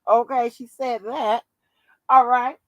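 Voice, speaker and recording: A woman giving casual commentary on her vlog, animated and profane, often breaking into laughter. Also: a little high, slow, no echo, rough recording. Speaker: YouTube commentator.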